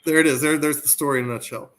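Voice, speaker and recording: A man's voice: fairly high pitch, steady tone, fast, a bit bright. Rambling male crypto guest. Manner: rambling, repeats words, eager. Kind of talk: casual interview chat.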